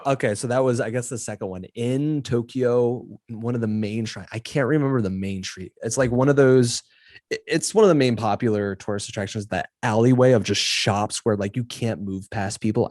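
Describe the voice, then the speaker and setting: A man guest on a podcast, telling travel stories in an animated, rambling way with lots of fillers. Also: fairly low pitch, brisk, no room sound, clean studio sound. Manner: animated storytelling with many fillers. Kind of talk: casual chat.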